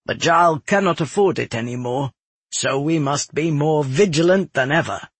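Man voicing a stern male guard captain, terse and instructive, slightly husky, dry close sound. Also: on the high side, moderate pace, no room sound. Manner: terse, instructive, carefully worded.

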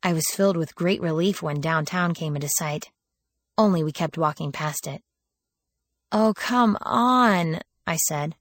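A woman's voice: deep voice, fairly even intonation, moderate pace, no echo, clean studio sound. A woman reading a first-person audiobook in a wry, sardonic storytelling manner, lifting her voice for quoted lines. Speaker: audiobook narrator.

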